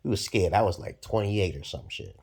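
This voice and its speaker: A man in his forties from Brooklyn talks straight into the camera in a long, profane monologue. His voice sits very low and sounds husky. He rambles bluntly and his voice leaps up in sudden loud bursts. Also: very animated, fairly quick. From Brooklyn, New York, USA. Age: 40s. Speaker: vlogger.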